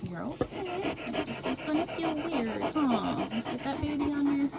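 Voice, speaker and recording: Host type: woman, gentle and reassuring, pitch swinging lively up and down, with heavy background noise on a home phone recording. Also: moderate pace, gravelly. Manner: soft, soothing murmurs to a dog in labor. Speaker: dog breeder hosting a live stream. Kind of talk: casual live-stream commentary. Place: indoors at home, tiled floor.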